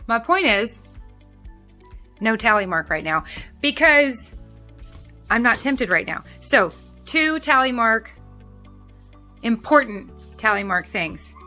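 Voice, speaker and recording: A woman's voice: a little high, big pitch swings, slow, pauses often, sharp tone, soft background music. A woman talking straight to her viewers in a casual vlog, chatty and rambling, restarting sentences often. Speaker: vlogger.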